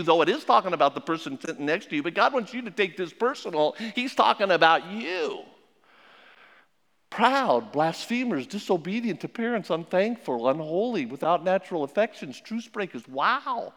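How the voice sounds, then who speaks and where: A man preaching a sermon as pastor, emphatic, swinging between loud and hushed. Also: high voice, very animated, moderate pace, long reverb tail.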